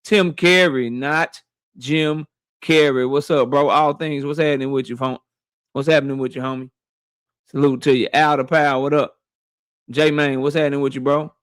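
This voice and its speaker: A man's voice: on the high side, clean tone, dry recording, clean studio sound. A man hosting a boxing livestream, casually greeting chat members one by one in a slangy, playful way.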